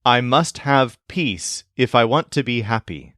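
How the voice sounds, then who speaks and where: A man teaching a language lesson, explaining grammar in a clear, scripted way and giving English sentences to translate. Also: mid-range voice, animated, a bit bright, dry recording, clean studio sound. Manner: slow, clear explanatory delivery.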